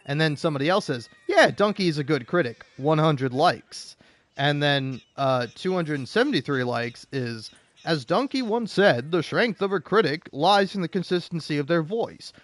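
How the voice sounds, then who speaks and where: Young male streamer, slightly high voice, dry close sound, swears a lot and rambles through comment replies. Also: moderate pace, no echo. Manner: profane, animated, rambling with restarts. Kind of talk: casual rant while playing a game.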